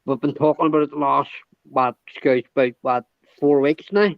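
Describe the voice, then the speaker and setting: A man's voice: medium pitch, fairly even intonation, a little fast, creaky, dry recording. A man, chatting as a panelist on an online stream and telling stories bluntly, with plenty of swearing. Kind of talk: casual chat. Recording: dull, dry lo-fi audio.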